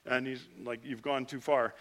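A middle-aged male pastor giving a conversational sermon, swinging between lively rises and quiet drops. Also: mid-range voice, moderate pace.

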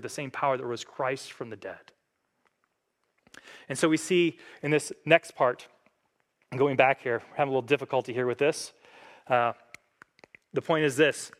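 A man pastor preaching a sermon in an earnest way, reading scripture aloud and lifting his voice as he quotes it. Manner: earnest, reads scripture aloud, rises in pitch and force when quoting.

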